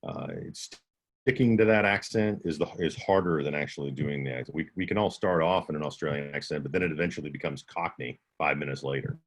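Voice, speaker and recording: A man with a low voice answers questions at a workshop about audiobooks. He explains things in a relaxed, conversational way, like a working narrator sharing tips. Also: fast.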